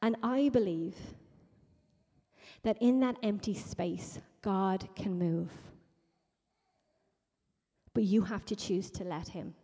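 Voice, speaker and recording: A woman's voice: medium pitch, slow, pauses often, mellow, husky. Emphatic woman preacher in a reverberant hall. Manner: emphatic, repetitive preaching with rising intensity. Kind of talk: sermon.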